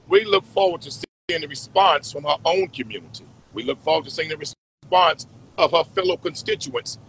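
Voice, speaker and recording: A man's voice: fairly high pitch, a bit bright, a little hiss or hum, low-quality recording. A man closing a press event with formal, repetitive remarks, speaking outdoors. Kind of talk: public address.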